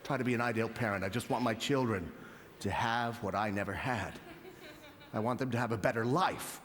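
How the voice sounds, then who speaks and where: A man hosting a comedy show with stand-up, dry and deadpan with sudden high outbursts. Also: a little fast. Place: comedy club stage. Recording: roomy hall with audience noise.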